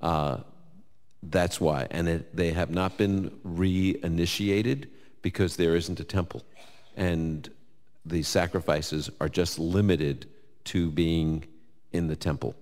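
A very low-voiced man with a New York accent takes Bible questions from a live crowd at a slow pace, quoting scripture, joking and dropping casual asides in a lively, chatty way. Each phrase is followed by a long hall reverb.

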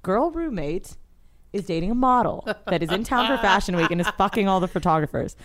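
A woman on a podcast telling a long, embarrassing story in casual chat, animated and profane, often acting out the people she quotes. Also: medium pitch, brisk. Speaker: podcast co-host. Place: podcast studio.

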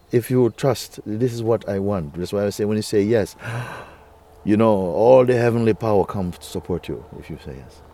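Deep mellow guy teaching a spiritual talk, slow and coaxing, keeps going "you see?". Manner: unhurried, coaxing, often asks "you see?".

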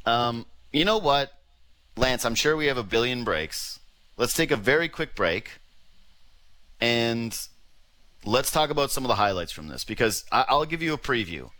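Bright-voiced, ranting sports talk host. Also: male voice, medium pitch, expressive, normal speed, no room sound. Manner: ranting, exasperated, swears casually. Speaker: sports radio podcast host.

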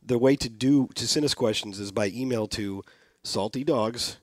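A man's voice: mid-range voice, normal speed, darkish tone, no echo, studio quality. A man in his forties co-hosting a casual sports podcast, chatty and easygoing. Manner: easygoing, chatty, laughs along. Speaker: podcast co-host.

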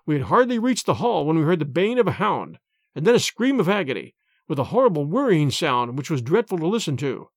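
Fairly high in pitch, a man narrates an audiobook, telling the story in a measured, expressive way. The sound is dry and clean, like a studio.

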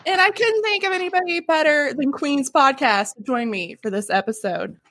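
A woman's voice: sits high, moderate pace, sharp tone. A woman from the Ozarks hosting a casual history podcast, bubbly and gushing. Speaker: podcast host.

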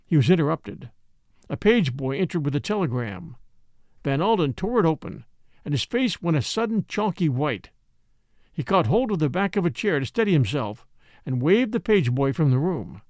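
A man narrating a classic mystery novel in an audiobook, measured and expressive. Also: on the high side, no echo, studio quality. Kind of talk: scripted narration.

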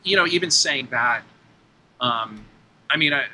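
A man's voice: medium pitch, lively intonation, unhurried, sharp tone, a little hiss or hum, low-quality recording. A man talking casually on a podcast, hesitant and self-deprecating, with many restarts. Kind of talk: casual conversation.

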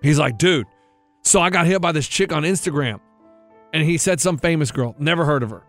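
A man's voice: brisk, fairly bright tone, soft background music. Laid-back man telling a story. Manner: retells overheard talk with lowered-voice impressions. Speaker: podcast co-host. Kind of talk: casual chat, storytelling.

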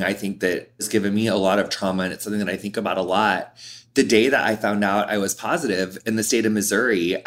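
A man in his thirties, an interview guest, talking candidly in an expressive, animated way with lots of "like". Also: lowish voice. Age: 30s.

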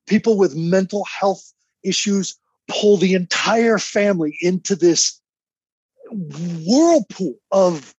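A man's voice: high-pitched, animated, takes it slowly, darkish tone, slightly rough, dry recording. A man in his fifties, reading a personal letter and then talking candidly as a guest, intense and emphatic. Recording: slightly dull, dry sound.

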